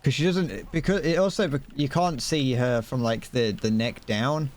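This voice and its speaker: A man's voice: mid-range voice, normal speed. Rambling, playful young man streaming a game. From Britain. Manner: rambling, playful, hums to himself while playing. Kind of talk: casual gaming stream chat.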